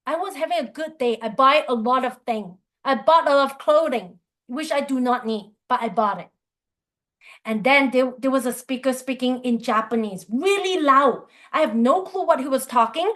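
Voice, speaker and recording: A woman's voice: on the high side, moderate pace, fairly bright tone. A woman coach giving a motivational talk, telling earnest personal stories. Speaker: qigong and life coach.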